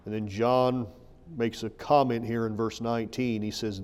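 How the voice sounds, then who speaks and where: A man preaching a sermon, his voice carrying a long hall reverb. He retells the story in a relaxed, conversational way, pausing over his words. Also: medium pitch, smooth. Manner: conversational retelling, paraphrasing the story in plain speech. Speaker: pastor.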